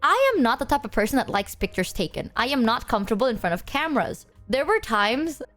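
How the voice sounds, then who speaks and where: A woman streamer chatting casually with her chat, telling stories in an animated, foul-mouthed way full of fillers. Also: a little high, fairly quick, soft background music. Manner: animated, swears freely, filler-heavy.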